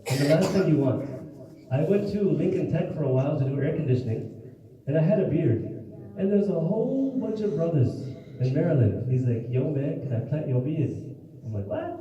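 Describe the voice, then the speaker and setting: A man's voice: fairly high pitch, moderate pace. A man giving a mosque lecture, telling stories and acting out the voices of the people in them. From United States. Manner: animated storytelling, acts out quoted voices. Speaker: mufti giving a religious lesson. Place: mosque hall. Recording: echoey distant hall recording, dull sound.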